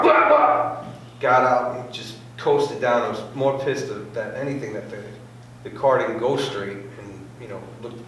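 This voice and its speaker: A man telling a casual racing anecdote to a club meeting, acting out quotes and sound effects as he goes. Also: mid-range voice. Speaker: club member sharing a racing story. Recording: very echoey room, voice far from mic, faint noise.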